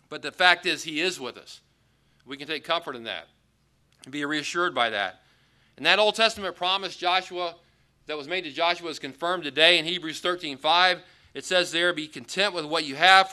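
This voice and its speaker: A man's voice: on the high side, bright, forceful tone. A man pastor preaching a conversational sermon in an auditorium, acting out quoted lines with rising emphasis.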